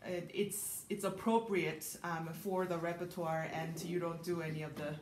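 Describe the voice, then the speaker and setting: A woman concert pianist explains things in a piano masterclass, her voice lowish, steady and a little mellow at a moderate pace. She is thoughtful, drops many small ums, and sometimes sings rhythms aloud. The room has a roomy echo with piano playing, plus slight background noise.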